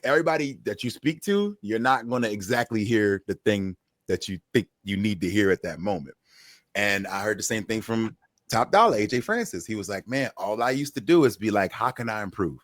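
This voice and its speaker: A podcast co-host with a fairly low, brisk male voice tells stories in casual chat, animatedly acting out the people he quotes. The recording is clean studio quality with no echo.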